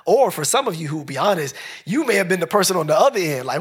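A pastor preaching a sermon at a church service, talking with the congregation in a conversational, animated way and swinging between loud and soft. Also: male voice, fairly high pitch, fast talker, hardly any pauses, husky.

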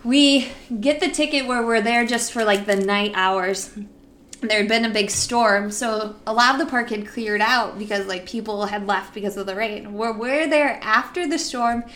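A young woman with a fairly high voice tells a story in casual conversation. She is animated and acts out her own panicked lines as she goes. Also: moderate pace. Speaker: podcast co-host.

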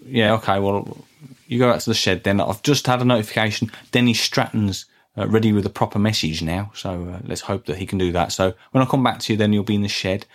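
Deadpan man, low voice. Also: fast. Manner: deadpan, hesitant, rambling. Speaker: podcast host. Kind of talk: comic podcast chat.

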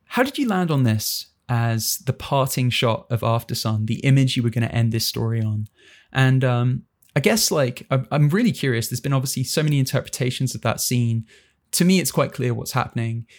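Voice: medium pitch, expressive, normal speed, a little mellow. A podcast host asking a film director casual, curious questions. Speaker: podcast interviewer.

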